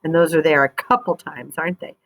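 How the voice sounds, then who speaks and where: A woman's voice: low voice, fairly even intonation, a little fast, gravelly, low-quality recording. A woman teaching a phonics lesson, patient and encouraging as she reads a story aloud and talks through the sounds.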